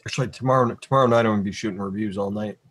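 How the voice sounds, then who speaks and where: A man's voice: lowish voice, steady tone, very fast, a bit bright, dry recording. A man chatting casually, wry and a bit hesitant with frequent fillers. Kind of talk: casual group chat.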